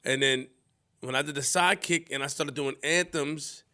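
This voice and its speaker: A man's voice: a little high, moderate pace, sharp tone. A man, a podcast co-host who quizzes the others and cuts in to piece the story together. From Queens, New York. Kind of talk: casual podcast chat.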